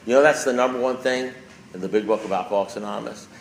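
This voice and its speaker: A man's voice: fairly low pitch, very fast, creaky. A man giving a speaker talk at a recovery meeting, emphatic and repetitive, hammering his points home with rising force. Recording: echoey room with faint background noise.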